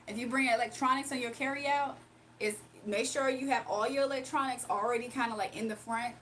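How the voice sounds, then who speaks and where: Chatty woman livestreamer, slightly high voice. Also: a bit bright, slight background noise. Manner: chatty, laughs often, answers viewers directly. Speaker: livestream host reading chat. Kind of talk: casual livestream chat. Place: home, early morning.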